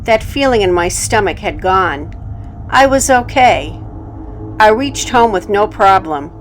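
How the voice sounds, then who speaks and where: Calm woman narrating horror stories, noisy hiss. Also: mid-range voice. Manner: calm, measured storytelling. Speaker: channel narrator.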